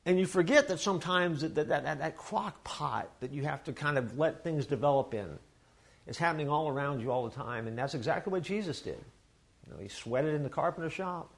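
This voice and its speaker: A man with a fairly high voice delivers a casual, animated sermon, full of quick asides and little acted-out quotes. His talk drifts between loud bursts and soft, slower stretches. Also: creaky. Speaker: pastor.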